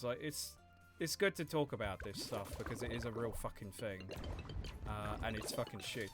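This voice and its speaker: A man's voice: mid-range voice, sharp tone. A young man livestreaming a game, chatting casually with his viewers, rambling and swearing freely. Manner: rambling, swears freely, reads chat aloud. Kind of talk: casual gameplay stream chat.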